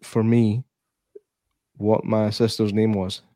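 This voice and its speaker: A man with a low voice asks questions haltingly, restarting and searching for words, with casual swearing. The sound is dry and close. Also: flat delivery, mellow, dry recording. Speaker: interviewer. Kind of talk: casual interview.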